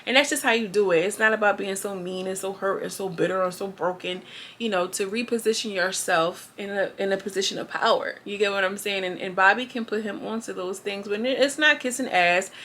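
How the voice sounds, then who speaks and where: Woman youtuber doing a chatty show recap, bright tense voice, slangy and animated. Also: mid-range voice, fairly quick, slight background noise. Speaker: YouTube reviewer. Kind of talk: casual reality-show recap.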